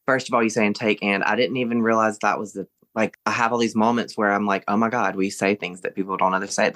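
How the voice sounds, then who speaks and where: A man's voice: fairly low pitch, fairly bright tone. A man from Mississippi with a mild Southern accent, chatting cheerfully as a podcast guest and laughing often. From Southern United States. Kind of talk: casual interview chat.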